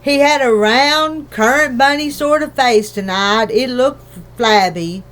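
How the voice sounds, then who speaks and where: Slow-reading woman with a high voice. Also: a bit bright. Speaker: narrator. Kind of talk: reading a children's book aloud.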